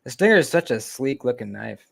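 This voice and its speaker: A man's voice: medium pitch, fairly quick, creaky. Rambling casual man on a livestream. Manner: relaxed, rambling, lots of ums and trailing off. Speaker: knife channel host. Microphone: close desk mic.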